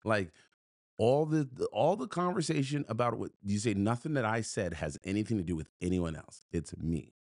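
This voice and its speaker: A man's voice: fairly low pitch, animated, normal speed, darkish tone, no room sound, clean studio sound. A man telling a story on a podcast in an emphatic, punchy way, repeating phrases and restarting.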